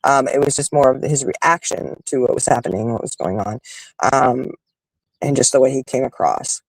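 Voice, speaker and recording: A man's voice: mid-range voice, normal speed, no room sound, poor audio. A man hosting a show, talking candidly and at length about personal growth, frank and emphatic, thinking aloud as he goes. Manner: rambling, emphatic, frank with occasional swearing; thinks aloud with many fillers and restarts. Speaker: host.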